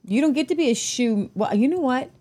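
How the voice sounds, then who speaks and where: A woman's voice: high-pitched, expressive, brisk, dark tone, husky. A woman co-hosting a casual news talk show, chatty and tripping over foreign place names. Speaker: co-host.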